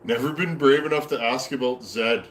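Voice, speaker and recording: A man's voice: medium pitch, moderate pace, fairly bright tone, echoey room, a little hiss or hum. A man from Canada with a Canadian accent, chatting casually on a live stream from his workshop and answering viewer comments in a folksy, rambling way. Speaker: chainsaw builder hosting a live stream. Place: home workshop.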